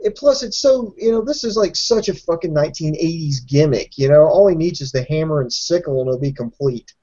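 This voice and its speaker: A man talking wrestling in a loose, rambling podcast chat, sarcastic and quick to swear. His voice sits a little high with a mellow, soft tone. The recording is dull and lo-fi. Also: animated. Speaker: podcast co-host.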